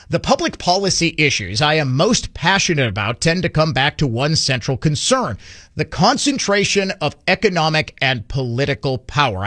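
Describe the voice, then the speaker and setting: A man's voice: a little high, a bit bright, no echo, studio quality. A man hosting a political commentary show, delivering the news with sardonic, mocking asides and open indignation.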